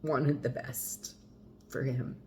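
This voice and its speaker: A middle-aged woman with a low voice talks openly about her life as a mother, in an unhurried, confessional way. She drops wry asides and a few mild curses as she goes. A faint hiss of noise sits under her voice. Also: fairly even intonation, dark tone. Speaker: mother talking to camera. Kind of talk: candid personal vlog.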